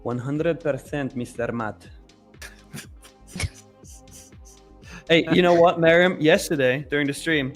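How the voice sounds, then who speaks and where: A man co-hosting a live trading show, chatting casually in an upbeat, joking way and pitching a sale. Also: slow, long pauses, faint music behind. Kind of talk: casual chat.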